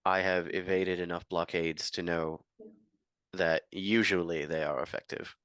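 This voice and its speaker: A man playing a seasoned ship captain in a tabletop game, speaking in a measured, composed way. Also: low voice, level tone, fairly bright tone, no echo. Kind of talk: in-character roleplay at a tabletop game.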